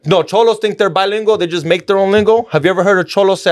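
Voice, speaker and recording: Podcast co-host, male, high voice, crude storyteller who acts out quotes. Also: rapid-fire. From Mexican-American. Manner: loose, profane storytelling, acting out quoted voices. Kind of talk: casual chat.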